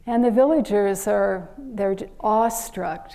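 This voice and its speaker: Brief: unhurried woman preacher with a mellow, low-toned voice, telling a parable. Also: steady tone. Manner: slow, gentle storytelling with pauses. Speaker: minister giving a Sunday service. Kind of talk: sermon with storytelling.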